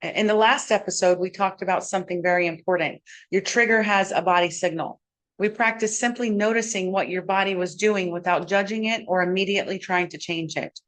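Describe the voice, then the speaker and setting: A woman with a calm, measured voice leads a guided self-help lesson. She speaks in a steady, instructive way, as if reading a prepared script, and walks listeners through each step. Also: mid-range voice. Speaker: host and wellness coach.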